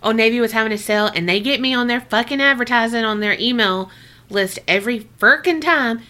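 A high-pitched woman with a very bright, sharp voice, co-hosting a chatty podcast. She tells stories with lots of swearing and expression. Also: a little fast. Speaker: podcast co-host. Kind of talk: casual chat.

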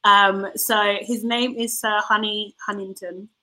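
A woman's voice: medium pitch, little pitch movement, takes it slowly, sharp tone, poor audio. A woman co-hosting a casual podcast, chatty and laughing easily, often trailing off mid-sentence. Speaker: podcast co-host. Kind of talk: casual chat.

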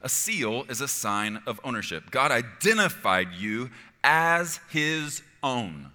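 A male pastor preaching a sermon, emphatic and conversational, sometimes dropping to a hushed voice. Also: lowish voice, long reverb tail.

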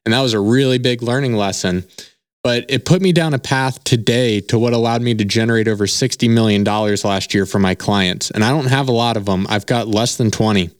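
A man's voice: mid-range voice, a little fast, dry recording, clean studio sound. Casual, candid man telling his story. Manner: casual and candid, swears freely, often tags sentences with "right?". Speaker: podcast host. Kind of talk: solo storytelling podcast.

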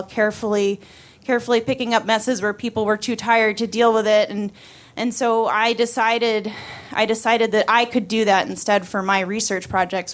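A woman of about thirty tells a personal story on stage in a casual, wry way, full of fillers and quick restarts. Her voice sits at an ordinary middle pitch for a woman, neither high nor low.

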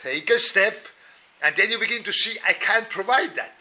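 Animated man, bright voice. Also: high voice, moderate pace. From Switzerland. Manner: animated, self-mocking, repeats words, sudden loud outbursts. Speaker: Torah class lecturer. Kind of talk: personal storytelling lecture.

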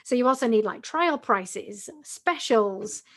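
A woman co-hosts a podcast, explaining ideas in a chatty, example-driven way. She keeps checking in with "right?". Her voice sits a little higher than average. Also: expressive, slow, a bit bright. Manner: chatty, uses examples, frequent "right?" tags. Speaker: podcast co-host. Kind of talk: casual explanatory podcast talk.

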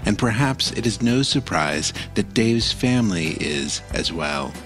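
A male host reading a scripted introduction in a calm, even way. His voice sits fairly low. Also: measured pace, faint music behind. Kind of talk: scripted narration.

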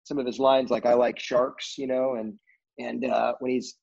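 A man in casual conversation, telling rambling, animated stories about his career in film, with lots of fillers and restarts. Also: medium pitch, moderate pace, creaky, breathy edge. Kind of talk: casual storytelling interview. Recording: dull lo-fi audio.

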